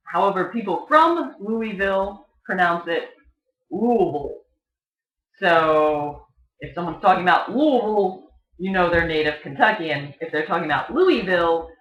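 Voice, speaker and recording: A presenter casually explaining regional differences, talking with lots of ums and uhs and imitating how words are pronounced in different places. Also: medium pitch. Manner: chatty, filler-heavy, mimics regional pronunciations. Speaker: video presenter. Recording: dull, echoey home recording.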